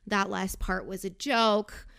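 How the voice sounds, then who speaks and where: A woman's voice: mid-range voice, steady tone, slow pace, creaky, a bit bright, clear, resonant tone. A young woman hosting a casual podcast, chatty and sarcastic, going off on tangents while recapping a reality show. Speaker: podcast host.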